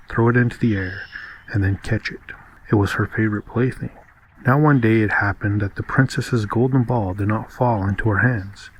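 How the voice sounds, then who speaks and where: A man reading a fairy tale aloud in calm, measured scripted narration. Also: on the low side, a little hiss or hum, rough recording. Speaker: audiobook reader.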